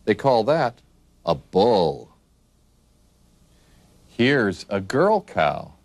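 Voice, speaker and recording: A man slowly naming animals for young children in a patient, sing-song teaching voice and asking the listener questions. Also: on the low side, big pitch swings, dry recording. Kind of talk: children's picture-book narration.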